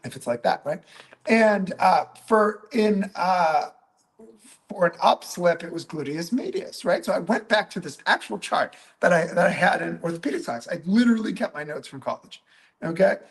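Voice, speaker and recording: A man's voice: high-pitched, normal speed. A man, a physical therapist, teaching through a patient story, often checking in with "right?" and "okay?" and acting out what he said back then. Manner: animated, peppers talk with "right?" and "okay?"; acts out his own past remarks. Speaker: physical therapist and clinic coach.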